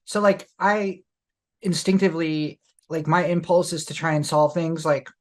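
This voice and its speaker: A woman's voice: low-pitched, fairly even intonation, normal speed. A young adult woman co-hosting a podcast, telling a story casually and candidly with many fillers. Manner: candid, lots of fillers, laughs while telling. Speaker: podcast co-host.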